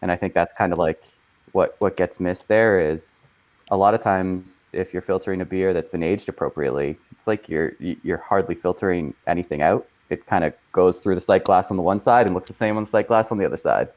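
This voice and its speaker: Deep-voiced, laid-back male brewer. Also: a little mellow, no echo. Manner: halting, restarts often, laid-back. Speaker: guest brewer. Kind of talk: casual podcast chat.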